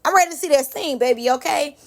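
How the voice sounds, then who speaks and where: A young woman recapping a reality show in a casual, animated, slangy way. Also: sits high, quick pace.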